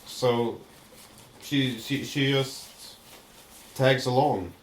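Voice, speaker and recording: A man's voice: medium pitch, extremely slow, reverberant. A man co-hosting a podcast, talking in casual chat and acting out quoted voices. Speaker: podcast co-host.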